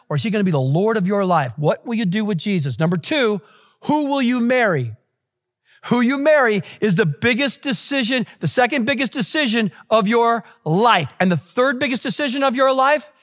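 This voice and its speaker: A man's voice: high voice, fairly bright tone. A man preaching a sermon as pastor, exhorting his listeners, repeating key phrases and asking them questions.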